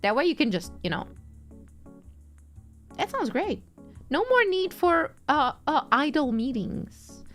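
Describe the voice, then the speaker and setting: Playful high-voiced young woman streamer. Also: very animated, slow, long pauses, fairly bright tone. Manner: playful, teasing, laughs often. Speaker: streamer reading chat. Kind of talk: casual chat stream. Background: faint background music.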